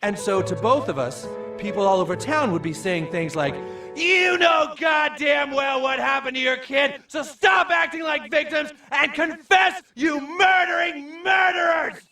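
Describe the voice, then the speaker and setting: A very high, bright-voiced cartoon dad confesses in public and shouts out the accusations he imagines. It plays as a distant clip of a TV show, with faint music under it. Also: lively intonation, a little slow, vocal fry, full character voice. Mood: shouting. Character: middle-aged cartoon father confessing in public. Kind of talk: animated TV cartoon dialogue.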